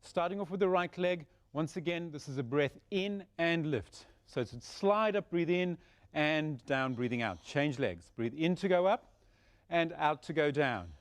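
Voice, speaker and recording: A man teaching a Pilates class, giving steady, encouraging cues paced by the breath. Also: a little high, a little slow. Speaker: Pilates instructor. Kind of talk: guided exercise instruction.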